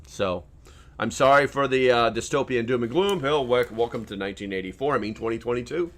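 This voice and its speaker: A man's voice: medium pitch, brisk. A man hosting his own channel, talking casually in a rambling, sarcastic way with many restarts. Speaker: channel host. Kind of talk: casual vlog commentary.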